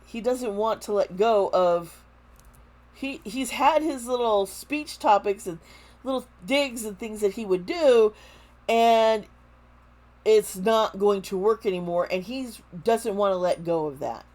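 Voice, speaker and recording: A woman reads tarot cards in a casual talk to camera. Her delivery is slow and halting, full of fillers and restarts. Her voice sits at an ordinary middle pitch. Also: a little mellow. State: close to tears. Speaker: tarot reader.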